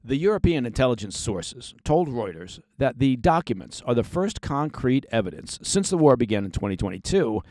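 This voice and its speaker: A man's voice: mid-range voice, a little mellow, no room sound. Man, news podcast host, sardonic asides, mid-range voice, dry close recording. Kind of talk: news briefing with sarcastic commentary.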